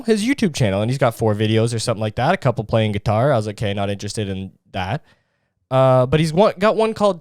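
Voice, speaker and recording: Man, podcast host, sarcastic crude rant, smooth clear voice, dry close sound. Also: on the high side, no echo.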